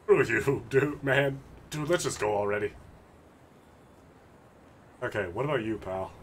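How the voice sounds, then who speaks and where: A man's voice: mid-range voice, measured pace, pauses often, slight background noise. A man streaming a game, chatting casually and joking at the characters on screen. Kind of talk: casual gameplay commentary.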